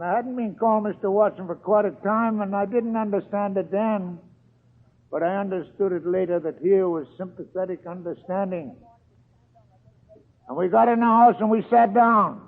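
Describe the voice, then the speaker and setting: A man's voice: high voice, normal speed. An older man telling his recovery story as an AA speaker, earthy and storytelling, acting out the dialogue. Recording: tinny lo-fi archive recording.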